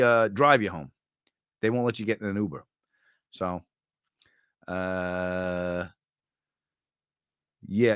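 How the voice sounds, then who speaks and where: A man with a New York accent, a comedian chatting casually and answering viewer comments, joking and telling animated stories that jump into sudden high bursts. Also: clear, resonant tone, no room sound, studio quality. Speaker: comedian hosting a live chat.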